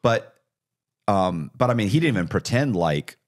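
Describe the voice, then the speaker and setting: A middle-aged man telling his story as a podcast guest, animated and acting out the dialogue. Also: on the low side, normal speed, no echo, clean studio sound. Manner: animated, acts out quoted dialogue. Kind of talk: casual storytelling interview.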